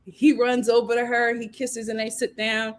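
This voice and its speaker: Reviewing a reality show live, this host talks animatedly, performs the cast members' quotes, and breaks into frequent laughter. Her voice is on the high side, and she speaks at a moderate pace.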